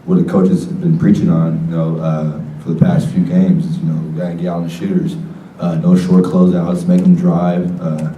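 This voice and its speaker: Young ballplayer, low dark voice, kinda monotone, stops and starts a lot. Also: male voice. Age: young adult. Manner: halting, many "you know" fillers. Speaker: college basketball player. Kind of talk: post-game press conference answers. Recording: roomy echo, mic far off, faint noise.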